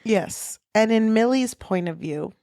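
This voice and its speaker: A woman's voice: a little high, animated, measured pace, gravelly, warm tone, dry recording, studio quality. A woman co-hosting a casual book podcast, candid and profane, dramatically quoting characters as she recaps the plot. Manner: loose and candid, swears freely, quotes characters dramatically. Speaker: podcast co-host. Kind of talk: casual book discussion chat.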